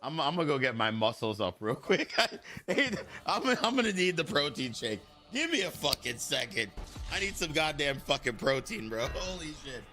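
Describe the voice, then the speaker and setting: A man's voice: fairly high pitch, big pitch swings, moderate pace, sharp tone, faint music behind. A young man live streaming, chatting casually with his chat, rambling, joking and swearing freely.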